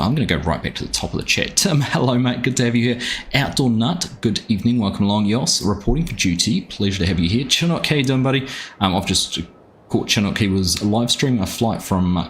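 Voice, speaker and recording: A man's voice: sits low, slight background noise. A New Zealand man streaming a game live from home, chatting casually and greeting viewers by name. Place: home room.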